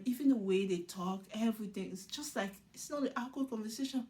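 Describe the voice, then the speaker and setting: A woman's voice: mid-range voice, fairly quick, hardly any pauses, dark tone. A woman recapping a show episode in casual commentary, laughing often and acting out the cast's lines. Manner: laughs often while retelling scenes; acts out cast members' lines in quotes.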